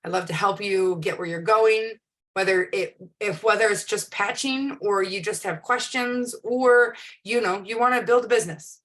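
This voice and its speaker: A woman's voice: medium pitch, moderate pace, a bit bright. A woman in her forties hosts a casual live stream. She talks in a chatty, rambling way and often restarts her sentences with ums. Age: 40s. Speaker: host.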